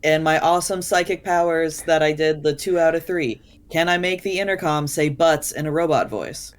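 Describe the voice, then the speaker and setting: A woman playing a tabletop game, playful and talking slowly as she thinks aloud. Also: low voice. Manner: playful, slow and thoughtful. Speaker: player. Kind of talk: casual tabletop play.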